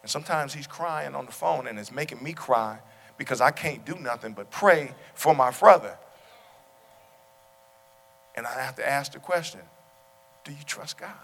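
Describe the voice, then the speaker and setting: A male pastor preaching a sermon to his congregation, talking through stories and repeating his question, at times rising to loud exclamations. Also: mid-range voice, expressive, normal speed, gravelly, long pauses. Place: church sanctuary. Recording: long hall reverb.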